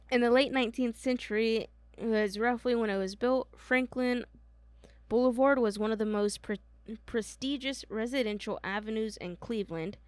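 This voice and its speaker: High-voiced woman reading spooky history. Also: normal speed, clear, resonant tone, no room sound. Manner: giggly, stumbles over names. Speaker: podcast co-host. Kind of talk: casual chat, reading history notes.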